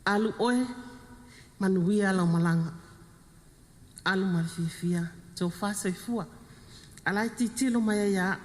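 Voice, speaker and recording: Slow-speaking Samoan-accented widow, echoing hall. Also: female voice, mid-range voice. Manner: halting, heartfelt, short broken phrases, switching into Samoan. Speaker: widow of the deceased. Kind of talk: funeral eulogy. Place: funeral service venue. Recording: long reverb of a funeral hall.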